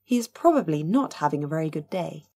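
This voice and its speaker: A woman's voice: deep voice, sing-song, quick pace, warm tone, breathy edge, exaggerated voice. A woman reading an audiobook, voicing an eager, forthright young woman. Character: young woman Gussie, impetuous and determined.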